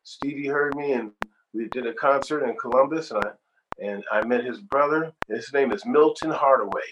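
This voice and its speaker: An older man, a guest singer, telling animated stories in a casual interview. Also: mid-range voice, normal speed. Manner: animated storyteller, acts out quoted voices. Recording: noisy background hiss.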